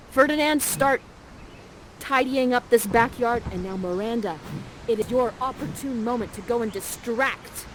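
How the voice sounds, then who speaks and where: A young woman with a slightly high voice plays a live interactive theater narrator, leading the audience in a bubbly, casual manner and saying "like" constantly. The recording is rough, with a faint hiss or hum. She's an immersive theater actor guiding her audience.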